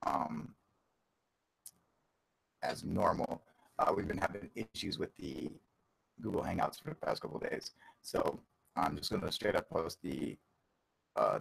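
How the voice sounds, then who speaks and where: Gravelly, deep-voiced male livestream host. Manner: loose, profane, chuckling, greets viewers by name. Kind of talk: casual live-stream chat.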